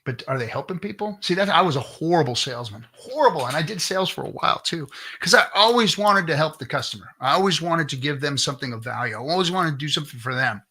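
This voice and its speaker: A man's voice: on the high side, lively intonation, fast, few pauses, bright, forceful tone, breathy edge. A middle-aged man hosting a casual livestream, ranting bluntly with lots of swearing and restarts, reading chat comments. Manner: blunt, profane, restarts often.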